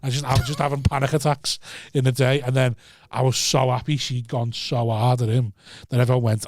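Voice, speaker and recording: Comic, podcast storyteller, animated and sweary, dry close mic. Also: male voice, mid-range voice, a little fast, few pauses, no room sound. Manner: animated, swearing, acts out voices. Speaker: comedian.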